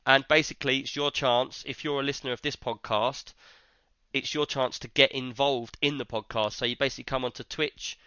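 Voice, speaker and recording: Bright, crisp man hosting a podcast. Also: mid-range voice, steady tone, brisk, dry recording, muffled recording. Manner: chatty, rambling, many fillers. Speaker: podcast host. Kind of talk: casual podcast chat.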